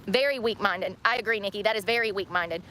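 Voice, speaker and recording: A woman's voice: medium pitch, quick pace, sharp tone, slight background noise. A woman livestreaming herself, ranting in an indignant way and repeating herself as she tells her story.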